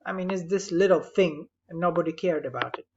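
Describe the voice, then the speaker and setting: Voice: mid-range voice, fairly quick. Brief: patient writing tutor giving feedback on a summary, slightly dull lo-fi recording with faint background noise. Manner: patient, explanatory, gently correcting. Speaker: English writing teacher.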